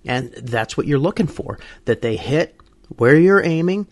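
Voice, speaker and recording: A man's voice: on the high side, lively intonation, measured pace, no echo. A middle-aged man hosting a radio show, telling a story in a folksy, humorous way. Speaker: radio host.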